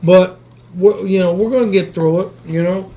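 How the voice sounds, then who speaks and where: High-voiced rambling man cooking. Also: steady tone, moderate pace, dark tone, poor audio. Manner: rambling, swears casually, keeps asking "you know what I mean"; talks straight to viewers while cooking. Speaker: cooking channel host. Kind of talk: casual cooking vlog.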